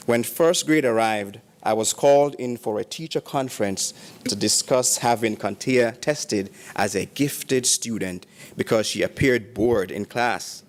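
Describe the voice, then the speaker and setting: Male ceremony announcer, mid-range voice, measured formal reading of graduate tributes. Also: mid-range voice.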